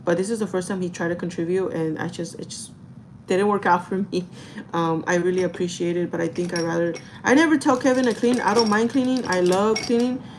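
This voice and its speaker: A woman's voice: on the low side, fairly even intonation, brisk, a little hiss or hum, poor audio. A young woman chatting candidly to camera in a storytime vlog, emotional and laughing often, swearing casually. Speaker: vlogger.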